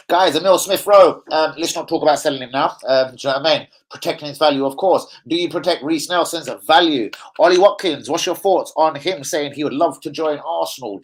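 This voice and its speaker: Young man, slightly high voice, loose sweary livestream host chatting football and reading shout-outs. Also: low-quality recording. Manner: swears freely, rambling banter, reads chat shout-outs. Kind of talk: casual livestream chat.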